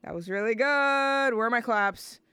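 A woman's voice: fairly high pitch, measured pace, bright, forceful tone, clear, resonant tone, dry recording. A young woman hosting a radio show, chatting casually and rambling with fillers and self-mocking asides. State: out of breath from dancing.

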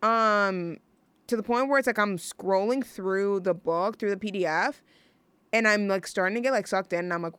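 Young woman rambling on college radio, smooth clear voice, dry close sound, lots of ums. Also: medium pitch, normal speed, fairly bright tone, no room sound. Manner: rambling, gushing, self-interrupting with fillers. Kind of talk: casual solo radio chat.

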